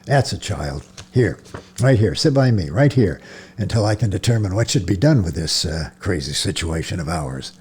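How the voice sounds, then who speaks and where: A man reading a novel aloud, voicing a grieving male priest who swings from harsh commands to gentle coaxing. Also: sits low, expressive, normal speed, breathy edge, full character voice. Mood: soft. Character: male priest, grieving, stern then tender. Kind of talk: audiobook character voice.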